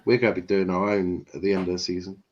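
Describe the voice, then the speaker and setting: Blunt man, low voice, dull audio. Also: fairly even intonation, fast talker. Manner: blunt, opinionated, laughs at his own stories. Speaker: referee guest. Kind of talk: casual chat on a live stream.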